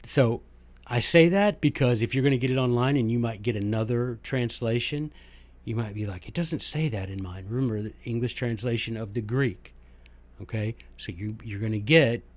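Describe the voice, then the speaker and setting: A podcast host who is a former teacher and book club leader talks in a casual monologue, his mid-range voice darkish and his pace moderate. He fills his speech with fillers and asides, muttering some comments under his breath.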